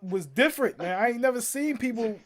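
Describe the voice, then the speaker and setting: A young man with a high, light voice chats casually while streaming. He tells stories in a lively way, acts out what other people said and laughs often along the way. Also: fairly quick. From Philadelphia. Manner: animated storyteller, acts out quotes, laughs often. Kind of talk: casual chat.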